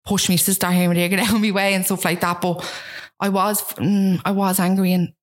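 Fast-talking Dublin woman, frank and self-mocking. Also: medium pitch, little pitch movement. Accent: Dublin Irish. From Ireland. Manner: rapid, frank, self-mocking, acts out quotes. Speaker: guest. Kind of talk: candid personal storytelling.

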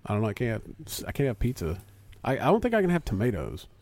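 A man's voice: medium pitch, huge pitch swings, a little mellow, no room sound. A man in his thirties, a podcast guest in casual chat, rambling and poking fun at himself while laughing often. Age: 30s. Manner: self-mocking, rambling, quick to laugh.

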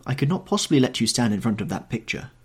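A man's voice: medium pitch, very animated, fast, breathy edge, pitched above the performer's own voice. A man voicing a charming, guarded young man in a storybook reading, with a lighter, evasive delivery. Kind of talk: audiobook character reading.

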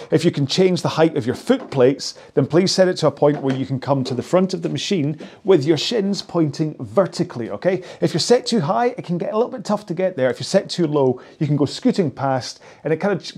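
A man's voice: on the high side, darkish tone, breathy edge. A man coaching a rowing workout, chatty and jokey, talking while he rows on a machine. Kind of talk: instructional workout talk.

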